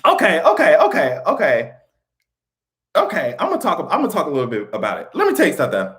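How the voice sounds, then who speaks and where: A man talking in a casual commentary vlog, animated, swearing freely and laughing often. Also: a little high, fast talker. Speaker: vlogger.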